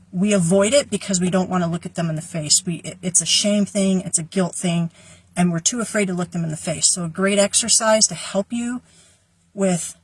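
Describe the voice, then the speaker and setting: A woman's voice: mid-range voice, no room sound. A woman hosting a casual spiritual guidance talk, chatty and prone to tangents. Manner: chatty, tangents, laughs easily.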